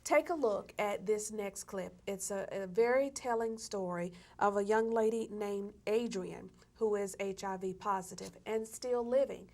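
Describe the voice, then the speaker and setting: A woman's voice: medium pitch, unhurried, hardly any pauses, darkish tone. A woman hosting an interview show, chatting casually and affirming her guest with frequent murmurs of agreement. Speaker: talk show host.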